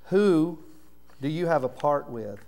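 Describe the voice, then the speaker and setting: A man preaching a sermon in a church, his voice sitting a little high for a man. He talks like he is chatting with the congregation, dropping to soft murmurs and then rising loud for emphasis. A faint electrical hum runs underneath. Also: animated, takes it slowly, vocal fry. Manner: conversational preaching, swings from low murmurs to loud raised emphasis. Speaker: pastor. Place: church sanctuary.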